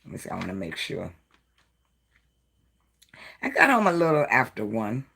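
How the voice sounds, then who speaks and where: A woman's voice: very deep voice, big pitch swings, moderate pace, gravelly, fairly bright tone, slight background noise. A tired woman hosting a live stream, chatting casually and rambling through a story while greeting viewers by name. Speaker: live-stream host of a jewelry design channel.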